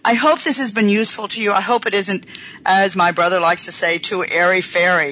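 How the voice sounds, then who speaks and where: A woman's voice: mid-range voice, fairly even intonation, brisk, pushed and bright, slight background noise, poor audio. A woman hosting a radio talk show, speaking earnestly and unhurriedly, stretching words for emphasis. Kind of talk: reflective talk-radio monologue.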